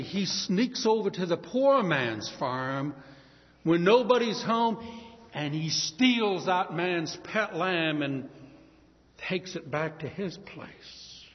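A preacher telling a story in a sermon, acting out the characters' voices and swinging between loud calls and hushed lines. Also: male voice, fairly high pitch. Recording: muffled recording in a reverberant hall.

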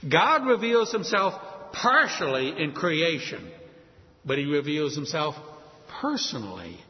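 A man preaching a sermon, animated and acting out quoted voices. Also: fairly high pitch, unhurried. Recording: muffled hall with long reverb.

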